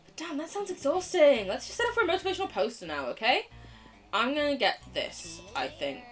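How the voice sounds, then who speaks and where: A young woman streaming a video game, joking, swearing freely and reacting out loud as she plays, with faint game music behind. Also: sits high, big pitch swings, fairly quick, far from the mic. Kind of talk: casual let's-play commentary.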